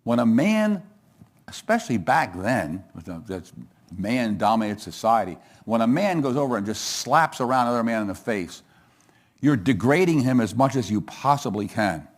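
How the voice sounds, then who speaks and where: A male pastor telling a scripture story in a chatty, joking sermon style. His voice sits mid-range but swings widely in pitch as he builds each scene. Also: very animated, moderate pace. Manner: conversational storytelling with asides and humor.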